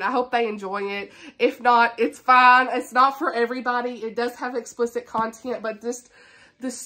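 Woman in her 30s, a chatty book vlogger who is quick to laugh. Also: a little high, sharp tone. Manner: chatty and enthusiastic, laughs often. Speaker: booktuber. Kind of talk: casual book chat to camera.

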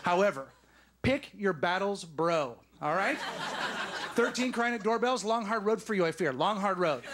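A man in his late thirties delivers a stand-up set on a studio stage, punching each line with emphatic asides. His voice sits high for a man. The broadcast recording carries a clear hiss of noise. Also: lively intonation, normal speed. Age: 30s. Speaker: stand-up comedian. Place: studio stage before a live audience.

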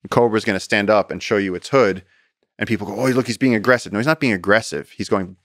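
An American man in his thirties, a podcast guest telling stories in casual conversation, animated, acting out quotes, with many fillers. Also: fairly low pitch, fast, dry recording, studio quality. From United States.

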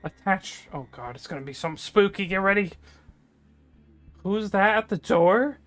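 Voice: mid-range voice, animated, moderate pace. A gaming channel host talking through a horror game playthrough, chattering nervously and breaking into panicked yelps.

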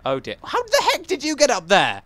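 Animated gaming commentator. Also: male voice, very high voice, fairly quick, no room sound. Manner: animated and self-mocking, with sudden excited outbursts. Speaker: gaming channel host. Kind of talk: let's play commentary. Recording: faint game music behind.

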